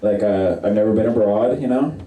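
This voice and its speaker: A male comic delivers dry, self-deprecating one-liners. His voice is low and very dark and mellow. It sounds like it was recorded in a roomy club from some distance. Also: a little fast. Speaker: stand-up comedian. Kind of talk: stand-up comedy one-liners. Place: comedy stage under bright lights.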